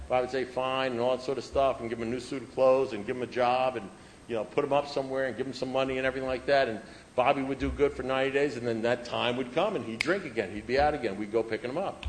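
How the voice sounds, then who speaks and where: In a low-quality recording with slight background noise, a man tells an audience his recovery story, fast and in a mid-range, fairly even voice. He's humorous, self-mocking, and conversational, repeating phrases for rhythm.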